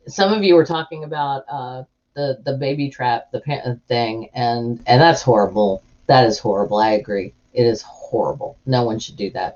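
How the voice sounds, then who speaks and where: A woman chatting casually to live viewers as host, telling stories animatedly. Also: extremely low pitch. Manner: animated storytelling, acts out voices of people in her anecdotes. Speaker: livestream host. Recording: muffled lo-fi stream audio.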